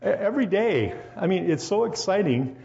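A man from a Christian radio station telling an animated testimony story at a church service, acting out the voices he quotes. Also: high-pitched, normal speed, creaky. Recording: dull lo-fi recording.

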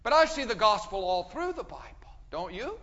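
A man preaching a sermon, emphatic, pushing his voice up loud and dropping it low. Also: big pitch swings, fairly quick. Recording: dull sound with long hall reverb.

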